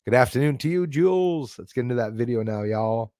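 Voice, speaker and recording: Animated and a little fast, this man's dark, mid-range voice comes through clean studio audio with no echo. He's a Canadian livestream host in his 40s who chats casually through viewer comments, greets people by name, and rants opinionatedly, laughing between points.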